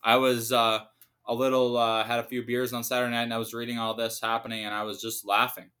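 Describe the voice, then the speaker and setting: A man's voice: medium pitch, level tone, fast, sharp tone. A young adult man hosting a casual solo podcast, ranting with heavy profanity and sarcasm. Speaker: podcast host.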